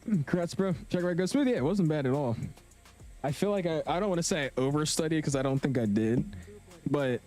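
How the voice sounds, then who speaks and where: Young man, casual stream chat, slangy, soft music underneath. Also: fairly high pitch, lively intonation, brisk. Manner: chatty, slangy, reads chat aloud. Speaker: flight sim streamer.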